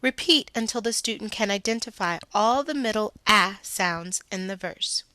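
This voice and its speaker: A woman reading out a scripted phonics lesson as a reading teacher, slow and deliberate, stressing each sound for the learner. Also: medium pitch, fairly bright tone, dry recording.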